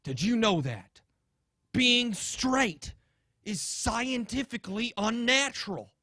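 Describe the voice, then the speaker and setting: Man impersonating a smug TV science host, middle-aged, preachy, bright, drawn-out deadpan lecture. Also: very high voice, dry recording, clean studio sound, pitched above the performer's own voice, exaggerated voice. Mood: mock lecturing. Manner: slow mock-lecturing, deadpan absurd claims. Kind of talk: comedic impression.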